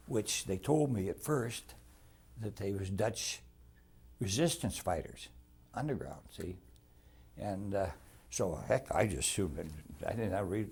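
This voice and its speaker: Older man, deep husky folksy storyteller. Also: darkish tone. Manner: rambling, folksy storytelling with restarts and plain grammar. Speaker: veteran telling war memories. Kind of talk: oral history interview.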